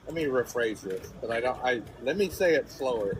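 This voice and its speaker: A man's voice: mid-range voice, expressive, a little fast, hardly any pauses, slight background noise, poor audio. A man co-hosting a trucking podcast, talking bluntly and with a lot of swearing in a heated casual debate. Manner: blunt, profane, emphatic.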